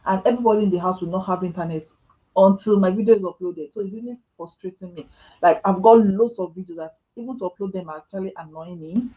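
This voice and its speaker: Speaking quickly in a mid-range, mellow, warm voice, a Nigerian vlogger answers live chat questions from home in a casual live-stream chat. She's chatty and self-mocking, breaking into laughter often and using Nigerian Pidgin asides, and the sound is a bit dull and muffled.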